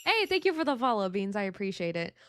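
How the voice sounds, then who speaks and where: A woman's voice: mid-range voice, big pitch swings, fast, a bit bright. A woman streamer chatting casually with her viewers, candid and emotional, swearing freely and mocking herself. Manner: reads and answers viewer chat. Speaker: VTuber streamer. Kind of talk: casual live-stream chat.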